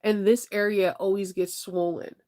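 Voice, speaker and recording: A young adult woman with a sinus infection, chatting casually on a live stream, animated and laughing as she answers her viewers. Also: mid-range voice, normal speed. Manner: animated, laughing, talks to chat by name. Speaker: vlogger reading live chat.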